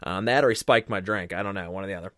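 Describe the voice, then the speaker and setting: A man's voice: sits low, rapid-fire, dry recording, clean studio sound. Rambling, profane male podcast host. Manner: animated, profane, rambling with restarts. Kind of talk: casual storytelling chat.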